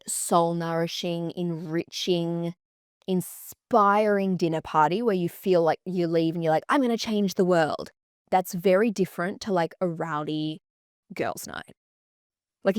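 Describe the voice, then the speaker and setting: A woman's voice: lowish voice, dry recording. Chatty podcast host woman, dry sound. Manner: animated, chatty, swears freely. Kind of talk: casual chat.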